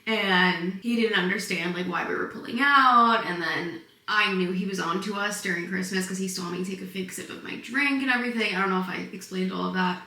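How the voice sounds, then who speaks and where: A bright-voiced young woman chats through a home vlog, giggling as she tells stories. She sounds tired and a little short of breath. Her voice carries room echo from a camera placed a bit away. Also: medium pitch, vocal fry. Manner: chatty, bubbly, giggly storytelling. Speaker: vlogger. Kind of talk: casual pregnancy vlog chat. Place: home, indoors. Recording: echoey room, mic a bit far.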